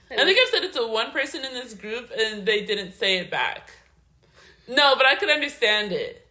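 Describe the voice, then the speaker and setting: Bright-voiced chatty young woman. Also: a little high, big pitch swings, normal speed. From United States. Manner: chatty, laughs often, says "like" a lot. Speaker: podcast co-host. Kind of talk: casual chat.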